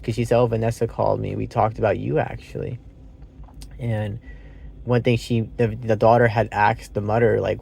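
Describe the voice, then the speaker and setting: A man talks through a movie review on his own, thinking aloud and often correcting himself. His mid-pitched voice has a gravelly edge, and he drops casual swears as he goes. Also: a little mellow, slight background noise. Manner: rambling, thinks aloud with many fillers and self-corrections. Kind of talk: casual solo film review.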